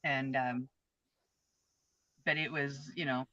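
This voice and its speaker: In a dull, dry lo-fi recording, a co-host in her fifties opens up with heartfelt sincerity about something she lived through during a casual conversation. Her voice rumbles low yet sounds pushed and bright, steady in tone and slow in pace.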